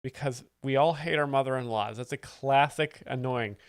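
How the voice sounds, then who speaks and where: Deadpan man explaining jokes. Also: mid-range voice, normal speed, clear, resonant tone, no room sound, studio quality. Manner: deadpan, faux-earnest. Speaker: host, joke explainer. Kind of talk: mock-expert comedic commentary.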